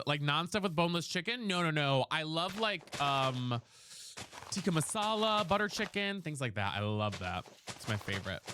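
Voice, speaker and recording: A sassy man chats through a live game stream, his voice leaping all over the place as he reacts and greets viewers. He reads chat aloud with playful attitude. The audio carries a clear layer of background noise. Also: medium pitch. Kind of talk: casual live gameplay chat.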